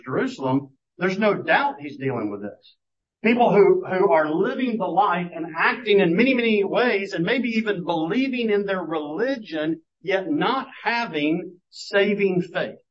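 Guy preaching, kinda husky, bit higher voice, chatty storytelling w restarts. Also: fairly bright tone. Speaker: pastor. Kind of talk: sermon. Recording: muffled lo-fi sermon recording.

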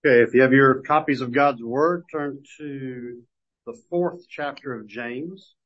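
A man teaches a Bible class with a folksy, self-deprecating storytelling manner, then reads scripture in a measured way. His voice sits at an ordinary pitch. The recording is dull and lo-fi.

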